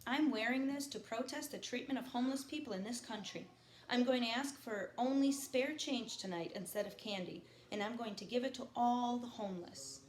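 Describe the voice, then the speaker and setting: A woman teacher reading a novel aloud to her students, stopping for quiet teaching asides. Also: fairly high pitch, normal speed. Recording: echoey room with faint background noise.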